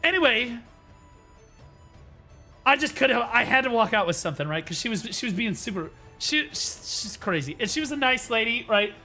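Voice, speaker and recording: A man's voice: very high-pitched, sing-song, moderate pace, pushed and bright, soft background music. A young man streaming, telling a story to his viewers in a casual, profane way full of fillers.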